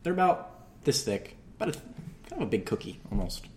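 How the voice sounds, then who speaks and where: A man's voice: mid-range voice, very animated, a little fast, roomy sound, crowd noise. A man narrating as dungeon master of a tabletop game, casual and full of fillers.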